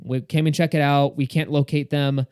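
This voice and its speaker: A man's voice: on the high side, flat delivery, normal speed, a little mellow, clean tone, dry recording, clean studio sound. A young man co-hosting a podcast, telling a story in casual chat and acting out the quoted dialogue. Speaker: podcast co-host.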